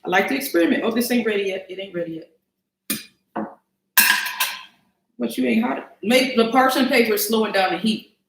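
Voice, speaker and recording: A woman's voice: a little high, a little fast, long pauses, reverberant, background noise. A woman hosting a casual cooking livestream, chatting to viewers as y'all and thinking aloud as she cooks in her home kitchen.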